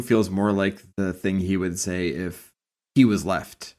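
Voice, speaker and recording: A man's voice: deep voice, steady tone, unhurried, warm tone. A man co-hosting a podcast, talking in a wry, conversational way in casual chat. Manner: wry, conversational, with tag questions. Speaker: podcast co-host.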